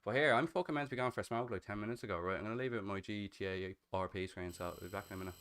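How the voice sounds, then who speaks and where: A man's voice: on the low side, rapid-fire, fairly bright tone, clear, resonant tone. An Irish man of thirty, a streamer chatting casually over voice chat in a role-play game, slangy and swearing freely with easy laughs. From Ireland.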